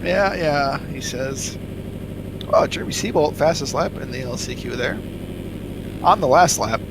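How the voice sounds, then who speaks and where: A man's voice: mid-range voice, moderate pace, noisy background. A man co-commentating a motocross stream, teasing his co-hosts with sarcastic jabs. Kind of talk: casual banter commentary.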